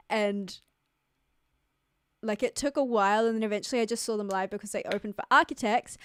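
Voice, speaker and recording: A woman's voice: on the high side, clear, resonant tone, no room sound, clean studio sound. Rambling young New woman streaming. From New Zealand. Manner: rambling, filler-heavy, giggly. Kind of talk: casual livestream chat.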